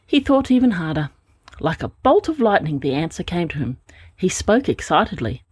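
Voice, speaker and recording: Woman storyteller, storybook reading, expressive, low voice, husky, dry close sound. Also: normal speed, no echo. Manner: gentle, expressive narration.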